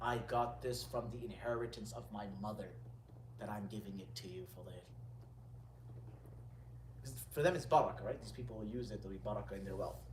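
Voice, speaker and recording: Animated male lecturer in an echoey room. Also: lowish voice, fairly quick, long pauses, background noise. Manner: lively retelling, quotes Arabic then translates. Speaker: religious teacher. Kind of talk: storytelling lecture. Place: indoor gathering room. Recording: echoey room, distant mic.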